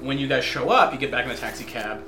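A man narrating a tabletop role-play game as game master, animated and often laughing. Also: mid-range voice, fast talker, noisy background. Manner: animated, laughing, filler-heavy. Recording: echoey room with music behind.

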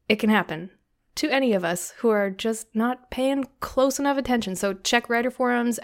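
A woman co-hosting a podcast, giving casual, encouraging advice with lots of ums. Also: medium pitch. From Canada. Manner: friendly, encouraging, filler-heavy with frequent ums. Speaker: podcast co-host.

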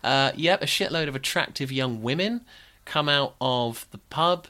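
A man's voice: mid-range voice, very animated, normal speed, pushed and bright. Wry man recapping a film. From Norfolk, England. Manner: wry, dry recapping with frequent laughs. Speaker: podcast co-host. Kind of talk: casual film-review chat.

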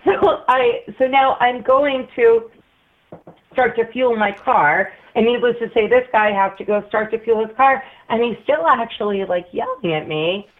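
Woman guest telling a story by phone, expressive and laughing, tinny line. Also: a little high, normal speed. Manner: animated, acts out quoted voices, laughs often. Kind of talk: casual storytelling chat. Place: Massachusetts.

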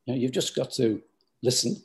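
A man's voice: mid-range voice, expressive, a little fast. An older man, a business founder, giving rambling, hesitant interview answers full of restarts.

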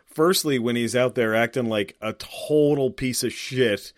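Homme enthousiaste au son sec. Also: male voice, mid-range voice, unhurried, no room sound, studio quality. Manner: enthusiastic, profane, many fillers. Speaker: podcast co-host. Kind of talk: casual chat.

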